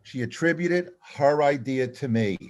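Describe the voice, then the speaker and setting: An older man, a comedy writer, telling an animated, self-deprecating anecdote and acting out the dialogue. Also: medium pitch, unhurried. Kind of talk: storytelling anecdote.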